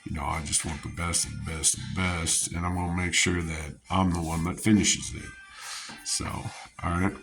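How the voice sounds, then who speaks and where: Male vlogger, deep voice, loose meandering storyteller who laughs at his own tales. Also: flat delivery, moderate pace, vocal fry, a bit bright, faint music behind. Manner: meandering, chuckling, many restarts and fillers. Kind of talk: rambling personal storytelling.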